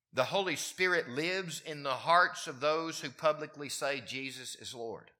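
A man preaching a sermon, his voice moving from quiet, low passages up to emphatic, raised peaks. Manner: wide swings in pitch and loudness, rising to emphatic peaks. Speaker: pastor.

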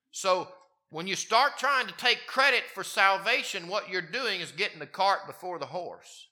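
Bright-voiced male preacher with wide swings. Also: moderate pace. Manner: wide swings in pitch and loudness, rising to emphatic peaks. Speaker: pastor. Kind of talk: sermon.

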